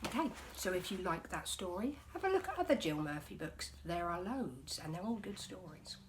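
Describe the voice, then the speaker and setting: A woman teacher reading a picture book aloud to her class, expressive, with soft whispered passages. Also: on the low side, moderate pace, background noise.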